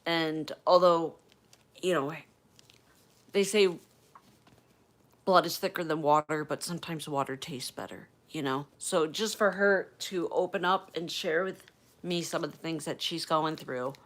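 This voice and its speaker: Chatty emotional woman vlogger, lowish voice. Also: unhurried. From United States. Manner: chatty, emotional, talks to viewers by name. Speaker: livestream host. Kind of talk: casual livestream chat. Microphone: webcam or phone mic, moves off camera.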